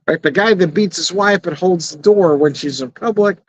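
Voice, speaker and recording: This beer-review vlog features a middle-aged man with a high-pitched voice at a moderate pace, talking outside in the evening. He's blunt, profane, and rambling, with frequent chuckles; the recording is dull, slightly lo-fi, and dry, with no room sound.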